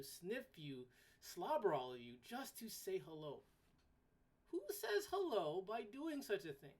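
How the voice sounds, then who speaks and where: A woman hosting a solo podcast, ranting bluntly, swearing casually and repeating herself when worked up. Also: medium pitch. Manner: repeats words and restarts sentences when worked up. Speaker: podcast host.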